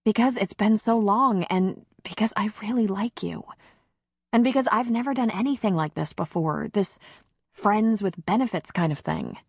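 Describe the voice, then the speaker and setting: A woman reading the part of a shy, nervous woman in an audiobook romance, soft-spoken and hesitant. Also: mid-range voice, moderate pace, slightly rough, dry recording, clean studio sound, pitched above the performer's own voice.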